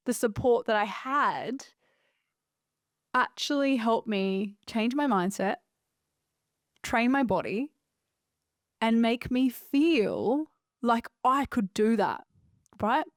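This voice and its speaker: A woman, hosting a casual solo podcast as a coach, animated and emphatic, swearing freely and often asking "right?". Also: a little high, no room sound, clean studio sound.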